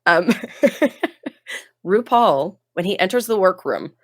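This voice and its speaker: Woman co-host from Canada, low-pitched, animated, lots of "like", bone-dry recording. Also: slow pace, no echo. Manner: animated, filler-heavy, laughs often. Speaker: podcast co-host. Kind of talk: casual chat recapping a TV episode.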